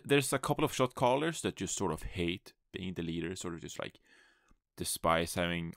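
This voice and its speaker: A deep-voiced man talks through his own podcast from home, upbeat and rambling and pleased with his own puns. His voice has a gravelly edge. The recording is close and dry. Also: dry recording. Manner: upbeat, rambling, self-amused, with restarts. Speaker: podcast host and esports analyst. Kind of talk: solo podcast commentary. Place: his apartment.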